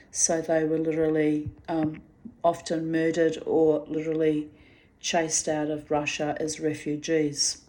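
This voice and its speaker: A woman's voice: fairly low pitch, a little mellow. A woman in her fifties from New Zealand, telling a rambling personal story straight to her listeners. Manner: rambling, chatty, addresses listeners directly.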